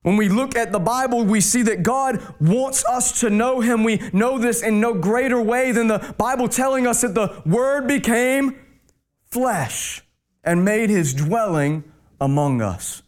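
A man pastor preaching a sermon, dropping his voice low and slow on key words for emphasis.

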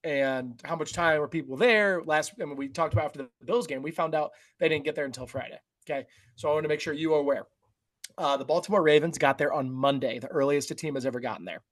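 A man co-hosting a sports podcast, leading the game preview in a relaxed, conversational way. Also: fairly high pitch, fast. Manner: relaxed and conversational, says "like" and "uh" a lot. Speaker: co-host running the game preview. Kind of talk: casual sports podcast chat.

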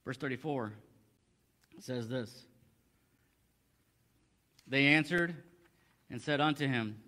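Slow and medium-pitched with a sharp tone, a man gives a conversational sermon on a Bible passage. He reads the old-English verses aloud and explains them with frequent restarts.

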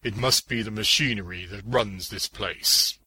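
A man's voice: lowish voice, measured pace, pushed and bright, husky, dry recording, full character voice, rough recording. A man voicing a protective, reassuring male hero in an audiobook story. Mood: steady.

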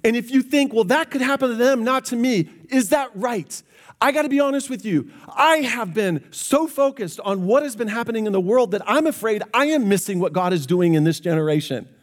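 A man's voice: sits high, animated, fairly quick. A man preaching a sermon as pastor, earnest and speaking directly to his congregation.

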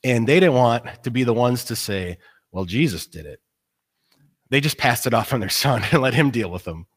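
Male pastor, mid-pitched voice, casual sermon delivery, animated storyteller who voices the characters in quotes. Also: brisk. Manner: conversational, casual fillers.

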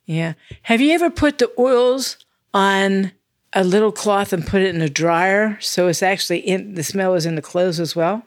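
A woman's voice: mid-range voice, normal speed, no echo, studio quality. An older woman co-hosting a podcast, chatty and self-deprecating in casual conversation. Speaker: podcast co-host. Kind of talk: casual chat.

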